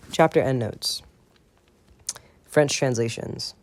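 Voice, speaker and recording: A man's voice: medium pitch, normal speed, vocal fry, a little hiss or hum. A man narrating a fan fiction audiobook expressively, with chatty asides to listeners.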